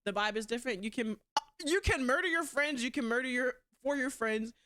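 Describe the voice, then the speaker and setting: Bright-voiced blunt streamer woman. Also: fairly quick. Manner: blunt and profane, swings between loud outbursts and low asides, laughs often. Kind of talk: casual livestream chat.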